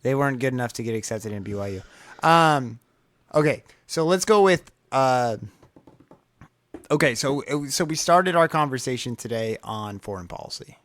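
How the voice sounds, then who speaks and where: Loud, passionate male podcast co-host. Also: mid-range voice, expressive, moderate pace. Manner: loud, self-described passionate talker; rambling, restarts a lot. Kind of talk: casual podcast chat.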